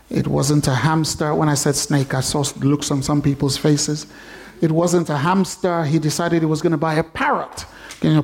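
A man with a high-pitched voice preaching a sermon. He tells a story and builds up excitement as it goes. He often repeats words as he talks.

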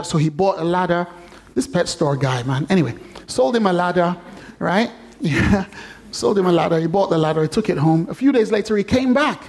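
A man with a high-pitched voice preaching a sermon. He tells a story and builds up excitement as it goes. He often repeats words as he talks. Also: fairly quick, gravelly.

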